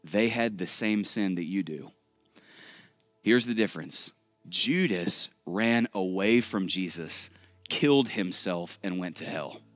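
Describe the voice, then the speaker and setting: Joking, animated man preaching a sermon. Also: low voice, slow pace, dry recording, faint music behind. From Texas. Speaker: pastor. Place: large church auditorium.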